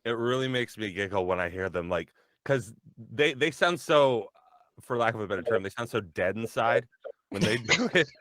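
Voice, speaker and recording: A man's voice: fairly low pitch, expressive, normal speed, fairly bright tone, no echo. A young adult man chatting casually on a livestream, telling a rambling story with laughs and acting out quotes. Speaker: voice actor and guest on a developer livestream.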